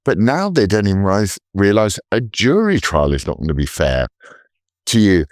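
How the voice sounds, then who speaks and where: A man co-hosting a podcast, talking in an animated, indignant way in long, run-on stretches. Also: on the low side, moderate pace, no room sound. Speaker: podcast co-host. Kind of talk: casual political chat.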